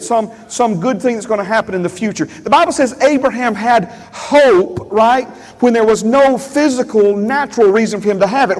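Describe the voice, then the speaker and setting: Pastor guy preaching, real high voice, long echo like a big church hall. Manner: preaching with repeated phrases and questions to the congregation. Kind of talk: sermon.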